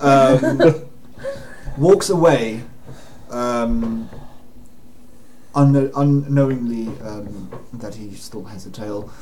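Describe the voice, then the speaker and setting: A man narrating as dungeon master in a casual tabletop game, halting with many "um"s and laughing between lines, over noisy home audio. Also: medium pitch, a little mellow.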